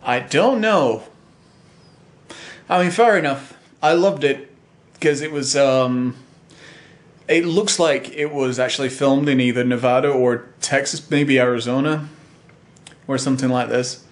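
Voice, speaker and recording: A man's voice: medium pitch, moderate pace. Rambling man chatting on a home vlog. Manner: rambling, full of uh and um. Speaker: vlogger. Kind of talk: casual chat.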